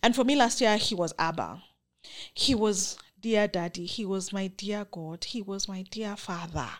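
A woman's voice: medium pitch, measured pace. A young woman with a Kenyan accent giving an earnest, emphatic, faith-filled personal monologue as a vlogger.

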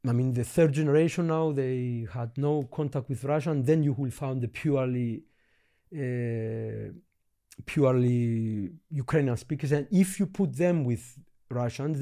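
Give me a male teacher with a warm, darker tone who halts, repeats himself and lets phrases drop away. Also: mid-range voice. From Cyprus. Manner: stammering restarts, trails off softly. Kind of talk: explaining linguistics in conversation.

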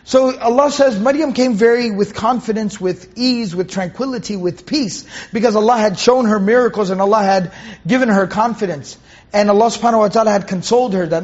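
A man's voice: high voice, fairly quick, a little mellow, muffled recording. A man teaching a Quran commentary lecture to students in a conversational way, repeating phrases, asking rhetorical questions and reciting Arabic verses.

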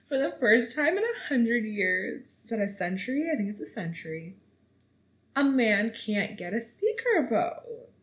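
A young woman from Canada hosting a solo podcast, telling a story in casual chat with dramatic flair and sudden jumps in pitch. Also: big pitch swings, a little slow, low-quality recording. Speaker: podcast host.

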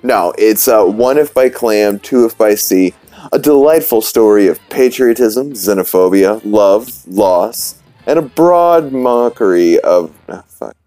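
Deep, dark-voiced casual podcast host. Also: male voice, animated, unhurried, no room sound, faint music behind. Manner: rambling, sarcastic, lots of fillers. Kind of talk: casual recap commentary.

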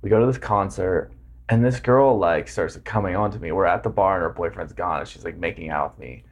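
A man's voice: sits low, brisk, breathy edge. Laid-back guy telling stories. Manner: laid-back storyteller who acts out voices and laughs often. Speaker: podcast host. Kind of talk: casual chat.

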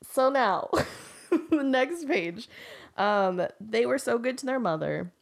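A woman's voice: fairly high pitch, lively intonation, slow pace, creaky. A young woman casually retelling a fairy tale to a friend, rambling with many fillers and often laughing. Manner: giggly, rambling with frequent likes and ums. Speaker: storyteller.

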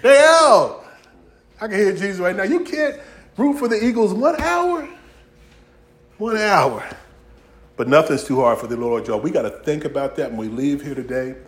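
Lively, animated preacher man joking with his flock. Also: high-pitched, moderate pace, long pauses. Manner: animated, humorous preaching with acted-out dialogue; Southern-inflected vernacular, y'all and ain't. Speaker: pastor. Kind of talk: sermon.

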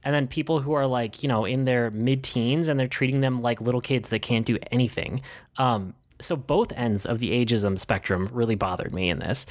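A man co-hosting a casual movie review podcast, chatting in a relaxed way with plenty of fillers. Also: medium pitch, moderate pace. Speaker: podcast co-host.

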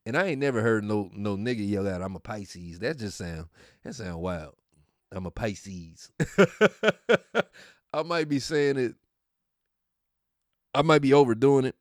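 A man's voice: medium pitch, big pitch swings, measured pace, pauses often, dry recording, clean studio sound. A man hosting a podcast in a casual, profane rant, mocking and often laughing. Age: adult. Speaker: podcast host.

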